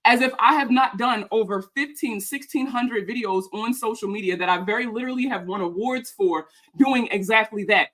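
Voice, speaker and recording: A woman's voice: fairly high pitch, a bit bright. A woman who makes personal finance videos, ranting in a heated, profane, sarcastic way as she reacts to a video about her. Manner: profane, heated, fast-talking; sarcastic and mocking. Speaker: personal finance content creator.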